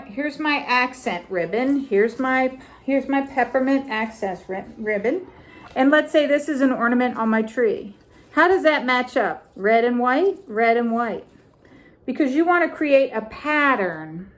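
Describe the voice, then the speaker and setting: A middle-aged woman with a high voice walks through a craft tutorial at an unhurried pace. She talks casually and deliberately, repeating phrases as she holds up ribbons and ornaments. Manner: slow, deliberate, repeats phrases while showing items. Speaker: crafting vlogger.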